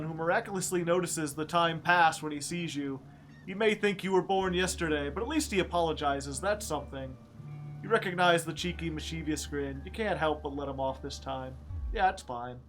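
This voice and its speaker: Guy streaming a game, reads the story out then cracks jokes, kinda high voice, little bit of music going. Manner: joking asides between quiet narration. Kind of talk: casual game stream, reading game text aloud.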